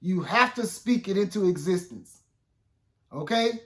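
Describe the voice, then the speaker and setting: A man delivers a casual, talk-style sermon in a notably high-pitched voice. He speaks plainly and directly to his listeners, repeating little check-ins as he makes his points. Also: expressive, unhurried, fairly bright tone. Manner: conversational, repeats "okay?" and "guess what?". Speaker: minister. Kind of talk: informal spoken sermon.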